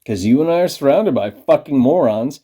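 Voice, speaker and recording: A man delivering an angry, profane rant straight to his viewers, condescending as he lurches from low muttering to loud outbursts. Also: lively intonation, normal speed. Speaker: vlogger. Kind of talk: ranting monologue to camera.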